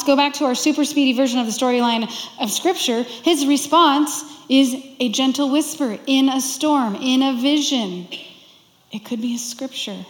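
Expressive woman preaching in echoey hall. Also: high voice. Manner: expressive, conversational preaching with playful asides. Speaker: pastor. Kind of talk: sermon. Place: church sanctuary.

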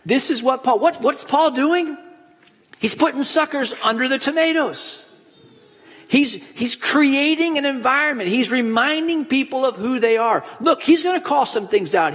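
A pastor delivering a conversational sermon, telling stories with frequent restarts. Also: male voice, high voice, fairly bright tone, in a large hall. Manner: conversational storytelling preacher with restarts.

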